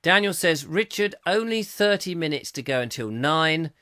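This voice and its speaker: A man hosting a live chat show, reading out viewer comments with jokey, mock-indignant asides, his throat going a little hoarse. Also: a little high, animated, normal speed, sharp tone, no echo, studio quality. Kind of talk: casual ranty live-stream chat.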